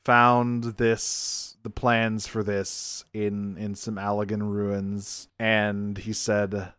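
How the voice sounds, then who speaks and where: A man's voice: on the low side, level tone, extremely slow, a bit bright, clear, resonant tone, no echo, studio quality. A man co-hosting a casual podcast about a video game, wry and joking, sometimes acting out characters. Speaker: podcast co-host. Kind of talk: casual game discussion chat.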